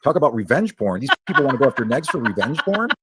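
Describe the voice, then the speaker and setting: A man in a casual stream chat, rambling quickly with many restarts. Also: medium pitch, very animated, a bit bright, breathy edge.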